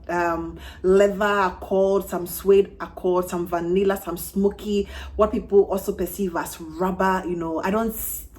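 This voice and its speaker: A woman's voice: medium pitch, darkish tone. A woman in her thirties from Ghana with a Ghanaian English accent, chatting through a casual perfume review with frequent "you know" fillers and restarts. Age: 30s. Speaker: fragrance vlogger.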